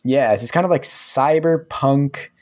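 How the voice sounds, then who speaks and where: A man's voice: medium pitch, unhurried, a little mellow. A man co-hosting a casual podcast chat into a studio microphone, rambling with lots of fillers. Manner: rambling, filler-heavy recommending. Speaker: podcast co-host.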